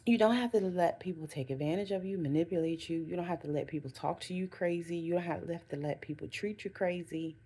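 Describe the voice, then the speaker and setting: Lady vlogging advice, warm mellow voice, a bit husky, repeats herself for emphasis. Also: on the low side, brisk, few pauses. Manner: earnest, advising, repeats phrases for emphasis. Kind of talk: casual motivational talk to camera.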